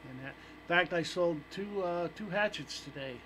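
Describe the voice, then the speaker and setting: A man's voice: high voice, normal speed, fairly bright tone, slight background noise. A man, a vendor at gun shows, chatting casually on a radio show in an easygoing way, laughing at his own jokes. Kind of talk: casual talk radio chat.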